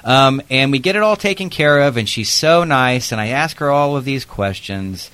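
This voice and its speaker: A man's voice: mid-range voice, animated, moderate pace, fairly bright tone, clean tone, no room sound. A man who works as an investigator, telling a work story in a chatty interview with plenty of fillers. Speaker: protective services investigator.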